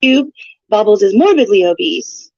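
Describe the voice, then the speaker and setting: A woman's voice: medium pitch, animated, normal speed, a little mellow, no echo. A woman livestreaming, talking in a brash, profane and mocking way. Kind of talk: casual livestream rant. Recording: dull lo-fi stream audio.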